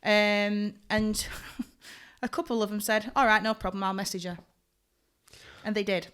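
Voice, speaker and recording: A woman's voice: mid-range voice, unhurried, smooth. A young woman, chatting casually on a podcast and acting out quotes as she tells stories. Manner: animated storyteller, acts out quotes. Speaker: podcast co-host, hairdresser. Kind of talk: casual chat.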